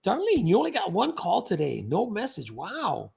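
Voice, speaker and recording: A man with a rather high voice and a gravelly, creaky edge hosts a casual livestream. He rambles from one viewer comment to the next, joking along the way and thanking each person by name. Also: wildly swooping pitch, normal speed, darkish tone.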